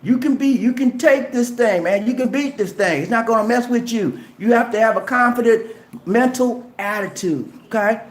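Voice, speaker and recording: Animated preachy man in an echoey room. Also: extremely high pitch, moderate pace. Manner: animated and preachy, acting out little dialogues; colloquial, repeats "man" and "okay". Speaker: travel vlogger. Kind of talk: casual motivational talk to camera.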